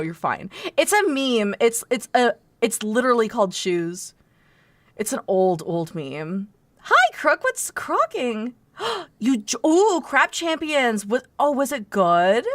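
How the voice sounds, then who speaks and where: Giggly streamer woman, lively pitch. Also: normal speed, dry recording. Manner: giggly, playful, chatty. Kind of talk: casual gameplay commentary.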